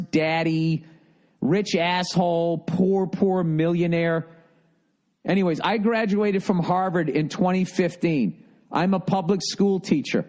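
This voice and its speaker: A Boston-accented man in his fifties rants at length on his podcast, swearing constantly and sounding exasperated. His voice sits fairly high for a man. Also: darkish tone. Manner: profane, exasperated ranting. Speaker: podcast host. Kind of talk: ranting monologue reading listener mail.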